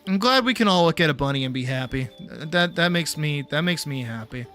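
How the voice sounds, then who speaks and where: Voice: mid-range voice, expressive, brisk, fairly bright tone, faint music behind. A young adult game streamer chatting casually and swearing freely while playing. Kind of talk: casual gameplay commentary.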